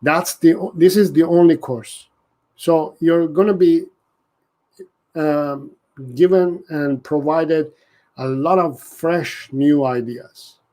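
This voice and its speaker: A man's voice: fairly high pitch, slow pace, dark tone. A man hosting a live dog-training Q&A, talking earnestly and often restarting his sentences. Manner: earnest, repeats and restarts, reads out viewer comments. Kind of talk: casual live-stream Q&A.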